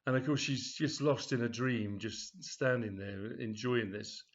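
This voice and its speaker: A man's voice: mid-range voice, a little slow. A man reading his own comedy story aloud in a loose, conversational way, full of fillers and asides. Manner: rambling, with frequent fillers and "of course". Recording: dull lo-fi recording.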